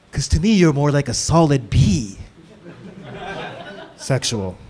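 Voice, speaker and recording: Punning stand-up comic, lively-voiced man. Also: a little high. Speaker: stand-up comedian. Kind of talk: stand-up comedy set. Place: comedy club stage with live audience.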